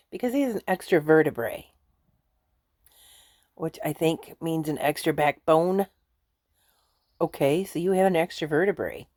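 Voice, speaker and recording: A woman's voice: lowish voice, darkish tone, dry recording, clean studio sound. A woman vlogging at home in a casual, rambling way, chuckling often as she talks. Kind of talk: casual chat to camera.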